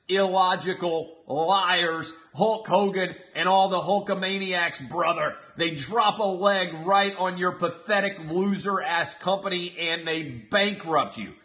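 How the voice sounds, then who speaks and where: A loud, swaggering pro-wrestler bragger, as a man puts him on, drawing every word out slowly and high. He sounds forceful and tense as he keeps calling the listener brother. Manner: drawn-out shouting, calls everyone brother. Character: brash, boastful male pro-wrestler persona, bellowing.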